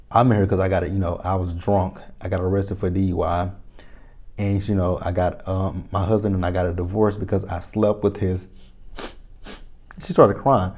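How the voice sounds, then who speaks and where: A man recapping a TV episode in a casual, profane, animated way, reacting aloud to each scene. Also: on the low side. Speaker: TV episode reviewer.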